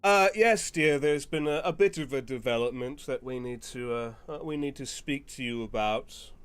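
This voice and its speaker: A man voicing a flustered, excitable scholarly noble father who stumbles and hesitates eagerly. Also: medium pitch, moderate pace, clear, resonant tone, soft background music, pitched above the performer's own voice, natural voice. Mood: distracted.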